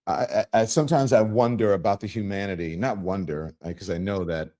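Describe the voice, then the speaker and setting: A man hosting an interview, asking probing questions gently, often restarting his sentences. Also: lowish voice, fairly even intonation, a little fast. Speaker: interview host.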